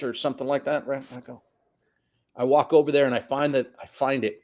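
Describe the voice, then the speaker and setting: Brief: middle-aged man, soccer coach guest, lively storyteller, swears casually, mid-pitched voice. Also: fairly quick. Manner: animated storyteller, acts out quotes, swears.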